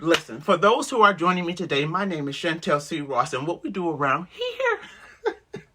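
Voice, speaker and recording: A woman host preaching to women with loud, exuberant energy, breaking into whoops and repeated calls to listen. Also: fairly low pitch, big pitch swings, moderate pace, a little hiss or hum.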